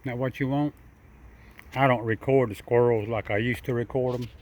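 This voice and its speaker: An older man with a steady, mid-range, slightly mellow voice chats at a moderate pace outdoors in his backyard while feeding squirrels for his vlog. He drawls, chuckles, and rambles, talking sweetly to the squirrel and casually to the camera.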